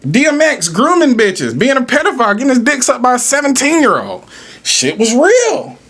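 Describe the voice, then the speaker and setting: A man's voice: very high-pitched, very animated, fairly quick, fairly bright tone. A man hosting a podcast, ranting in a casual, profane, argumentative way. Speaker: podcast host.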